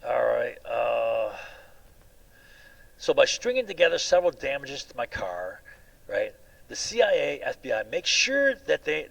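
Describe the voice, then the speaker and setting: A man's voice: medium pitch, creaky, fairly bright tone, husky, poor audio. A man giving a rambling personal monologue in an aggrieved tone, restarting often and asking "right?" after many sentences. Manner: repetitive with frequent restarts. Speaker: video blogger.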